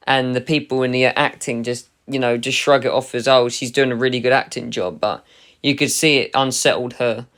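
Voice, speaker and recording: A man with a smooth, clear voice at a middle pitch, talking through a casual spoken review. He sounds chatty and enthusiastic as he ranks the works he covers. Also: a bit bright. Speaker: anime reviewer.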